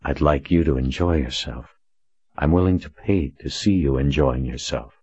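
A man playing a cool, measured gentleman client. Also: rumbling low, breathy edge, no echo. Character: wealthy, cool, controlled male customer.

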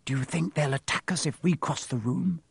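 A man's voice: on the high side, lively intonation, moderate pace, slight background noise, natural voice. A man voicing a sarcastic young boy who complains a lot in a storybook reading.

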